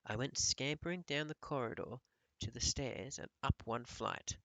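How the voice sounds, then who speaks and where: A male teacher reading a novel aloud to his pupils in a calm storytelling voice. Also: mid-range voice, normal speed, no echo, low-quality recording.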